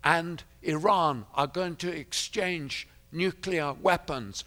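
Male preacher, high bright voice, slow deliberate delivery, emphatic, loud then hushed. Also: animated. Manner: emphatic, swinging between loud declarations and hushed asides. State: out of breath. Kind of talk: sermon.

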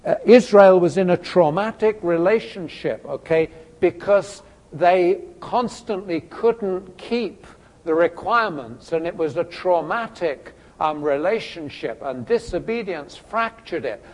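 A male lecturer with a fairly high voice teaches a class in a lively, conversational way. He tells a long illustration, drops in fillers and teasing asides to students, and often swings between loud, pushed phrases and soft, quiet ones. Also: a little slow.

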